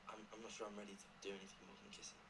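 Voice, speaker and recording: An actor playing a nervous, soft-spoken teenage boy, murmuring hesitantly in a TV drama clip replayed with noise. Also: on the low side, little pitch movement, very fast, distant mic, lightly acted. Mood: shy tender.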